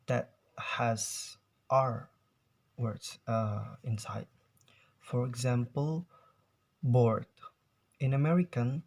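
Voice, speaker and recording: A young man, a student explaining pronunciation with slow, careful talk and saying example words aloud. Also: medium pitch, a little mellow. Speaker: student presenter.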